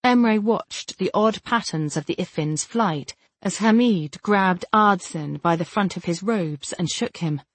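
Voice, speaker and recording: A woman reading a fantasy novel aloud as an audiobook narrator, in a steady, even storytelling manner. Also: fairly low pitch, a little slow, few pauses, no echo.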